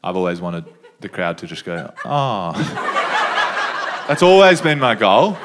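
Laid-back Australian stand-up comedian. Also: male voice, lowish voice, very animated, slow pace, background noise. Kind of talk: stand-up storytelling.

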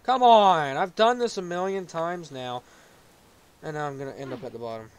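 Excitable gamer man yelling at the game. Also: on the high side, brisk, clear, resonant tone. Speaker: gaming YouTuber. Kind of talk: game commentary.

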